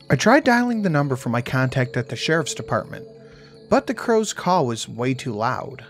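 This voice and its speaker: A man's voice: mid-range voice, big pitch swings, moderate pace, soft background music. A man narrating a first-person horror story in a dry, wry storytelling manner.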